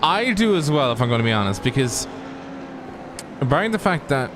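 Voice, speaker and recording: Dry-witted Irish co-commentator. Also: male voice, mid-range voice, very animated, moderate pace, noisy background. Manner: dry, teasing, short quips. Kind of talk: livestream race commentary.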